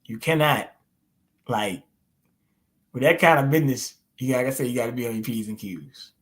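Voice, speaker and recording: Casting: middle-aged male host, relaxed storyteller, drawling, mid-pitched. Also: brisk. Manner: laid-back, storytelling, laughs often, drawls. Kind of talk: casual chat.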